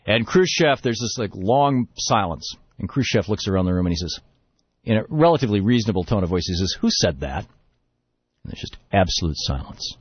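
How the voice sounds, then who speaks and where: A man's voice: lowish voice, lively intonation, a little fast, slightly rough, no room sound, dull audio. A man hosting a radio talk show, telling a long story and then ranting emphatically about politics. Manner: rambling storyteller, building to emphatic rant. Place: radio studio.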